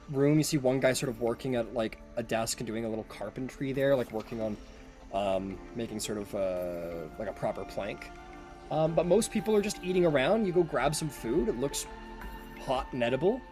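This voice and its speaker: A man running a tabletop game as game master. His narration is relaxed and heavy with fillers. His voice sits at a middle pitch for a man.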